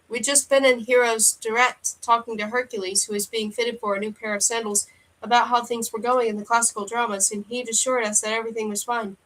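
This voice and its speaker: A woman's voice: fairly high pitch, rough recording. Woman reading a novel aloud. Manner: steady first-person narration with occasional slips. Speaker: audiobook reader.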